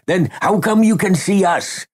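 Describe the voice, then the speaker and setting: A man voicing a sneaky male ghost thief who talks in a sharp, hushed, impatient way. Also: high voice, a little slow, pitched above the performer's own voice. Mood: curious.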